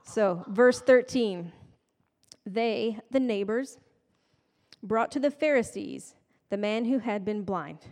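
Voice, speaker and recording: A woman's voice: mid-range voice, animated, slow, darkish tone. A woman giving a casual, conversational sermon with playful, self-deprecating asides. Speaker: preacher. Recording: long hall reverb.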